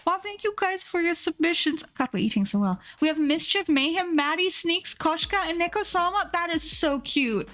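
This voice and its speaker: A young woman streaming live, gushing excitedly over viewers' art and pets, swearing casually. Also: extremely high pitch, moderate pace, hardly any pauses, faint music behind.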